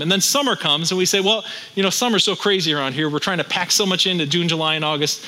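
A male pastor delivers a sermon in a bright, ringing voice that sits slightly high for a man. He moves between plain teaching and wry humor, stacking rhetorical questions to keep listeners with him. He sounds like he is in his thirties. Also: quick pace, hardly any pauses, poor audio.

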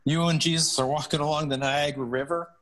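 A man's voice: on the high side, quick pace. A man, a hockey chaplain, telling stories earnestly in a podcast interview, often restarting his sentences. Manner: earnest, animated storytelling with restarts.

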